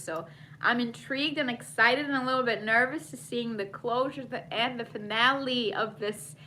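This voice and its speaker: A woman's voice: mid-range voice, bright, forceful tone, a little hiss or hum, poor audio. A woman vlogger recapping a TV episode in a casual, chatty way, with many fillers, answering viewer comments as she goes.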